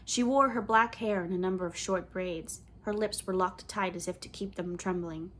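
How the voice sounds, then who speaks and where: A woman reading a children's novel aloud in clear, measured storybook narration. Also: fairly low pitch, fairly bright tone. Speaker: audiobook reader.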